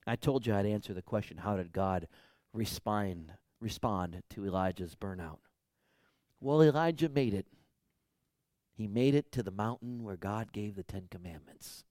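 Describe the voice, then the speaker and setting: A man preaching a sermon, swinging from loud emphasis to whispers and building repeated calls to action. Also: fairly low pitch, normal speed, no echo, studio quality. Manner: repetitive exhortations. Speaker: pastor.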